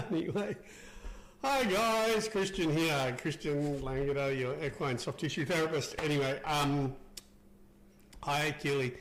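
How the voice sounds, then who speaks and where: A man's voice: fairly high pitch, slow pace, fairly bright tone, slight background noise, poor audio. Chatty man hosting a live stream. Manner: chatty, greets viewers by name, laughs easily. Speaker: livestream host, equine soft tissue therapist. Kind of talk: casual live-stream chat with viewers.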